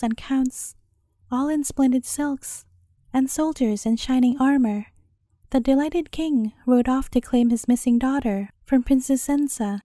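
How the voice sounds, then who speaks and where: High-voiced woman reading a bedtime story. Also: dry recording, studio quality. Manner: gentle, measured storytelling.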